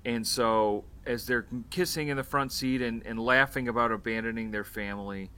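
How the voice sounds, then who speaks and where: Bright-voiced man recapping a movie. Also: medium pitch, fairly even intonation, normal speed. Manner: rambling plot recap with fillers and swearing. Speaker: podcast co-host. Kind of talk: casual movie-review chat.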